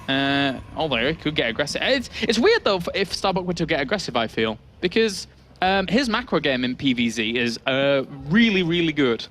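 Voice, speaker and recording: English dude casting an esports match, bit of a higher voice, chatty, faint hiss behind. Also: male voice, very animated, moderate pace, fairly bright tone. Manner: chatty, laughs easily, announcer flourishes. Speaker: esports commentator. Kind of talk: play-by-play game commentary.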